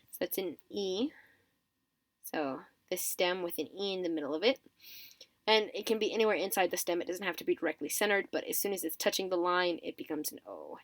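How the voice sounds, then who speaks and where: A woman's voice: fairly low pitch, vocal fry, dry recording. Methodical woman explaining a writing system. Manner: methodical, counts items aloud, corrects herself. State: sleepy, yawning. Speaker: teacher of a constructed script. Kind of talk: step-by-step explanatory tutorial.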